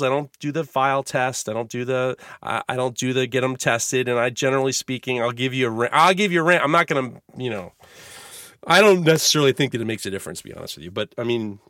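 A man's voice: medium pitch, fairly bright tone, no echo, studio quality. A man hosting a podcast, rambling with many restarts while giving blunt opinions. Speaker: podcast host, knife maker. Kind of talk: casual podcast chat.

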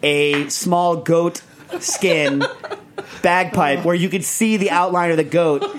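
A middle-aged man in casual chat, quick to laugh and full of energy. His voice sits somewhat high for a man. He jumps into quoted voices of the people in his stories. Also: a crowd in the background. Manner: animated, laughs often, acts out quoted voices. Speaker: podcast host.

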